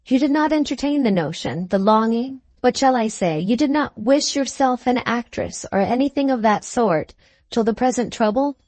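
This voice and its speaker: A woman voicing an earnest foreign male musician who speaks gently but gravely in a storybook reading. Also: fairly high pitch, lively intonation, moderate pace, no echo, pitched above the performer's own voice. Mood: gentle probing.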